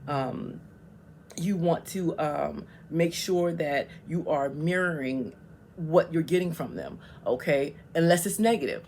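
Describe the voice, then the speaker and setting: A woman's voice: low voice, lively intonation, a little slow, darkish tone, a little hiss or hum. A woman vlogger giving casual, emphatic advice on communication, often checking in with "okay?".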